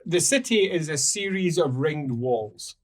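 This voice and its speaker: A man narrating as game master in a tabletop roleplaying game, describing scenes in a lively way. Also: on the high side, measured pace.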